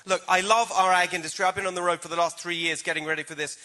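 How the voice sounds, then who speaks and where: A man with a foreign accent speaking as a political candidate in a debate, brisk and emphatic, with rhetorical questions. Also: sits high, steady tone, bright, forceful tone. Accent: foreign accent in American English. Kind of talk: campaign debate answer.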